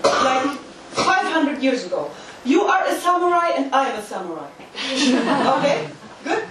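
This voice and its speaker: High-voiced woman lecturing in an echoey hall. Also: sing-song, a little slow. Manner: emphatic, uses volunteer demonstrations. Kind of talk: interactive lecture. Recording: echoey hall from far off, faint noise.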